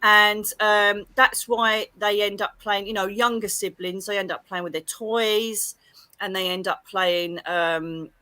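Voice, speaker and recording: A middle-aged woman, a psychic medium, talking in a chatty, animated way full of exclamations on a livestream. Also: mid-range voice, a little slow, dry recording. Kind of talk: casual livestream chat.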